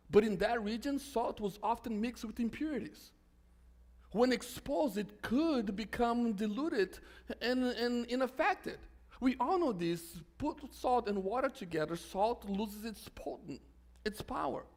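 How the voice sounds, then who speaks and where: A male pastor delivers a sermon in a conversational way. He breaks into joking asides and restarts his sentences. His voice sits high and carries a gravelly rasp.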